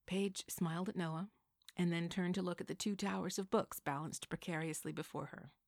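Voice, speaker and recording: A woman narrating a contemporary novel aloud in an even storytelling manner. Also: on the low side, moderate pace, vocal fry, dry recording, clean studio sound. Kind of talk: audiobook narration.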